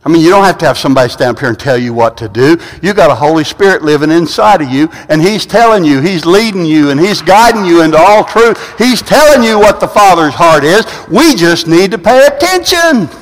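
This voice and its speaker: A man's voice: fairly high pitch, lively intonation, a little fast, hardly any pauses. A man preaching a sermon as pastor in a church sanctuary. He tells stories with many restarts and repeated words. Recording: long reverb of a large hall.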